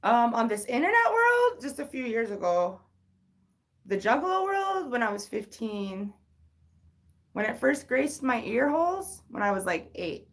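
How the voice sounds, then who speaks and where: A woman in her thirties hosts a casual livestream, telling a personal story in a fairly high, very animated voice at a slightly slow pace. She's candid and rambling, swearing often and restarting her sentences.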